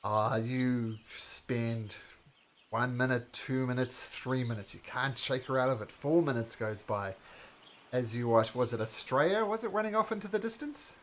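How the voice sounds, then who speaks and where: A man's voice: mid-range voice, moderate pace, fairly bright tone, a little hiss or hum. A man narrating a tabletop game as game master, with lots of fillers and hesitations.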